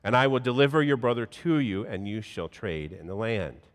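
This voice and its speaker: A pastor reading scripture aloud in a measured, solemn way, then preaching a sermon in a church. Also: male voice, lowish voice, lively intonation. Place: church sanctuary. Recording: long hall reverb.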